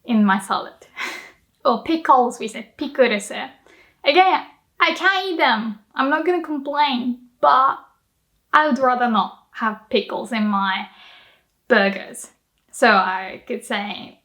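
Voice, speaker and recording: A woman's voice: fairly high pitch, takes it slowly, sharp tone. Playful woman teaching a casual lesson. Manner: playful, laughs often while explaining; switches into acted emotional example lines. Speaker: language teacher.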